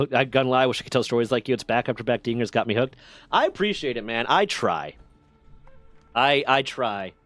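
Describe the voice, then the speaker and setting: A man hosting a livestream, telling stories to his chat in a profane, animated way. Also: mid-range voice, moderate pace, dry recording, faint music behind. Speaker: livestream host. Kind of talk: casual storytelling to a stream chat.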